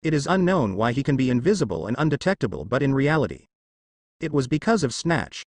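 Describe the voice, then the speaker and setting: Man narrating fan fiction, lively pitch. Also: a little fast, no echo. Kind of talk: reading fan fiction aloud.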